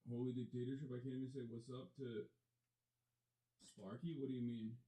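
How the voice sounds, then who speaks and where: A man's voice: mid-range voice, little pitch movement, a little fast, mellow. A man live streaming from his workplace, rambling casually in a hyped tone, repeating catchphrases and reading chat messages aloud. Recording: roomy echo.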